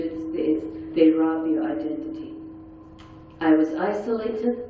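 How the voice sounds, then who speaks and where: A woman's voice: on the low side, slight background noise. Woman, middle-aged, earnest intense storyteller, distant mic, dull echoey hall. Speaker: survivor giving a talk at a forum session. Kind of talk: personal testimony speech. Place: large conference hall.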